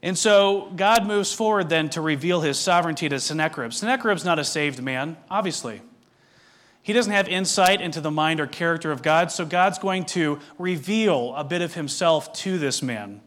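A man with a fairly high voice delivers a sermon as pastor. He reads passages of scripture aloud, then explains them at a measured pace and puts direct questions to his listeners. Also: fairly bright tone.

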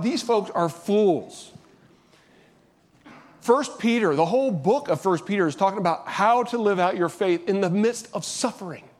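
A middle-aged man preaching a sermon as pastor, earnest and conversational, often restarting his sentences. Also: sits high.

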